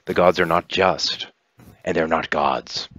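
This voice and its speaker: A man voicing a compassionate, grave woman leader who speaks in an earnest, persuasive, measured way. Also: sits low, fairly even intonation, a bit bright, no echo. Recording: dull dry lo-fi recording.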